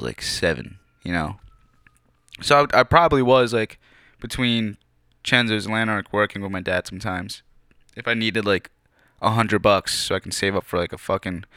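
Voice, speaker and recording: A young man in casual storytelling mode, rambling and swearing between fillers, his voice a touch low. The tone is bright and clean, recorded close with a dry, roomless sound. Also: clear, resonant tone, no room sound. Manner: rambling, profane, many fillers.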